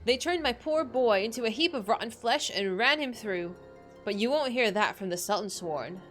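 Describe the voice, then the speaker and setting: A woman voicing a grieving old woman who tells dark legends in a theatrical, wailing way. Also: a little high, expressive, moderate pace, faint music behind. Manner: theatrical, wailing, archaic storytelling. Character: grieving old woman, dramatic and doom-crying.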